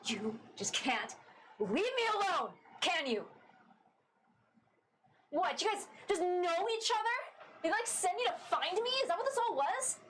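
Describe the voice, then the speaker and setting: A woman's voice: very high-pitched, very animated, a little slow, long pauses, a little hiss or hum, pitched above the performer's own voice, full character voice. A woman voicing a bitter, defiant young woman who lashes out in scorn. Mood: furious. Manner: shouting, scornful, biting.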